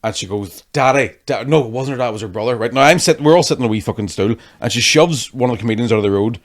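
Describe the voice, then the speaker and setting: Fast-talking man. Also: medium pitch. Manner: swears constantly, acts out hecklers in animated storytelling. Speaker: comedian guest. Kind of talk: casual podcast chat.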